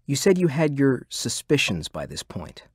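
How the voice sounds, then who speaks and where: An actor playing a calm interviewer who asks measured, probing questions. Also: male voice, mid-range voice, breathy edge, no room sound, studio quality.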